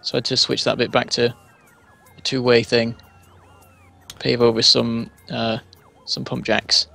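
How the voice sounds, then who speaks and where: A man's voice: mid-range voice, flat delivery, a little slow, gravelly, pushed and bright, faint music behind. A man in casual chat while playing a multiplayer game, explaining things at length with lots of fillers.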